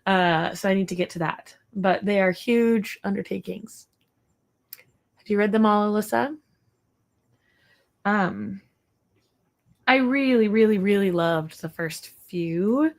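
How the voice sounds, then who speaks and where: Slow-talking woman chatting on a livestream. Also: medium pitch. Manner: chatty and rambling, talking to her dog in between. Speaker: livestream host. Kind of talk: casual livestream chat with viewers. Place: home.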